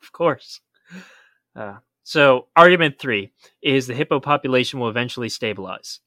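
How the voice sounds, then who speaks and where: A man's voice: medium pitch, animated, normal speed, pushed and bright, no room sound, clean studio sound. A man co-hosting a podcast, explaining in a casual chat with emphatic warnings. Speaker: podcast co-host.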